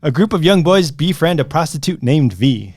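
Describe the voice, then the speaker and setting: A man's voice: on the high side, animated, normal speed, darkish tone, dry recording, clean studio sound. A young man co-hosting a casual podcast, recounting a film plot and laughing often. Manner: recounts plots, laughs a lot. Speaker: podcast co-host. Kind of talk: casual banter among friends.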